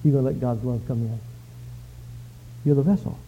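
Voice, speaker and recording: A male pastor preaching a sermon, telling stories with lively swings from quiet to shouting. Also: medium pitch, normal speed, slight background noise. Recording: dull lo-fi sound.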